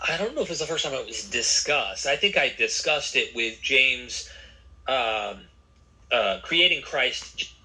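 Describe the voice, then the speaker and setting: A man with a very bright, sharp-edged voice chats on a podcast at a middle pitch. He is laid-back and slangy and drops dude and bro into his talk. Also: expressive, a little slow, a little hiss or hum, low-quality recording. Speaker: podcast host. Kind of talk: casual podcast conversation.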